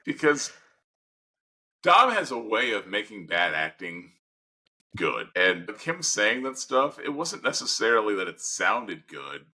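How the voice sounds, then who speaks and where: A male podcast co-host with a low voice that swings widely in pitch. His tone is bright and a little husky. He rambles casually, restarting sentences as he goes. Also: very animated, unhurried, rough recording. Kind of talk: casual chat.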